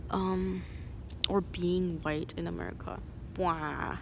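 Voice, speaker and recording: A woman's voice: lowish voice, little pitch movement, takes it slowly, creaky. Casting: woman vlogger, rambling, noisy street background. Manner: rambling, many "like" fillers. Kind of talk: rambling casual monologue.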